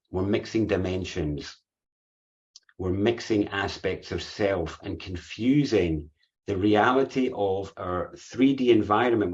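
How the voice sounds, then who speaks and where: An earnest man leads a reflective spiritual talk for a group, circling back over his phrases as he thinks aloud. His voice sits at an ordinary middle pitch. The audio is dull and lo-fi. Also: a little mellow.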